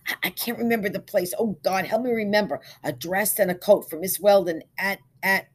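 A woman reading the part of a confused, gentle middle-aged eccentric man who speaks haltingly and repeats himself. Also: lowish voice, animated, slightly rough. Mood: anxious. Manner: halting, pleading, repeats words.

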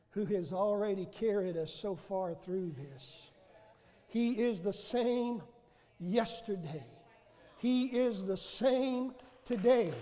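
A man preaching a fervent sermon in a church, building to shouts and calling out to the congregation. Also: very high voice, long reverb tail. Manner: fervent preaching with rising shouts and call-and-response. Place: church sanctuary.

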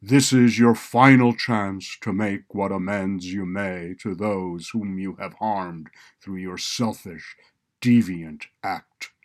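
A man voicing a cold, commanding chief judge with a deep, resonant voice, delivering loud, slow, measured pronouncements. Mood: stern.

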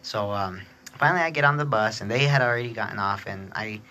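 Chatty man with a bright edge. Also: fairly low pitch, quick pace. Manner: chatty, rambling, laughs often, mimics others in raised voice. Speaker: podcast host. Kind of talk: casual storytelling.

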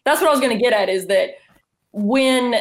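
A woman's voice: a little high, expressive. Southern woman comedian, joking chat. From Southern United States. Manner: joking, storytelling, quick asides. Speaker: stand-up comedian, guest. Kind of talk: casual streamed chat.

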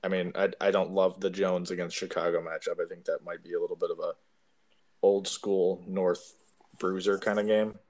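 A man co-hosting a podcast in casual chat, jumping in with quick analysis and dry sarcasm. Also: sits low, little pitch movement. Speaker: fantasy league podcast co-host.

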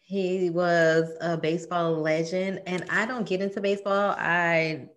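Low-voiced playful woman co-host. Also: steady tone. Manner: playful, laughs often, drawn-out words. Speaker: podcast co-host. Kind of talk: casual chat.

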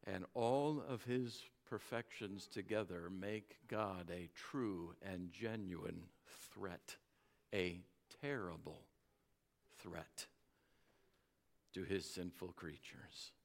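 A male pastor preaching a sermon, earnest and exhorting, dropping to a hush on weighty words. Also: low-pitched, slow.

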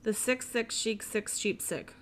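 A woman's voice: on the high side, unhurried. A woman co-hosting a podcast, chatting casually and playfully mocking herself while trying tongue twisters. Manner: self-deprecating, playful. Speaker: podcast co-host.

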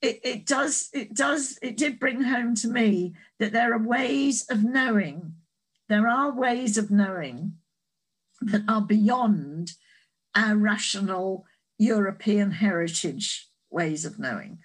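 Husky woman telling a reflective story. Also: medium pitch, takes it slowly, poor audio. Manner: hesitant, with many restarts and a wry humour. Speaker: author and guest speaker. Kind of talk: reflective storytelling in an online talk.

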